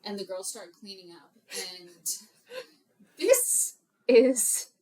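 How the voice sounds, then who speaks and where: A woman's voice: mid-range voice, very animated, takes it slowly, mellow, low-quality recording. A woman co-hosting a book club podcast, talking casually and acting out characters with lots of laughter and swearing. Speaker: podcast co-host.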